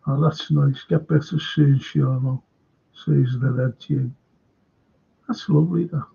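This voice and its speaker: An older man with a Liverpool accent hosts a live fan stream, reading out comments and wandering through anecdotes. His voice is gravelly and husky. The sound is dull and lo-fi. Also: mid-range voice, fairly even intonation, takes it slowly, warm tone. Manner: rambling anecdotes with repeated restarts. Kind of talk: casual chat reading viewer comments.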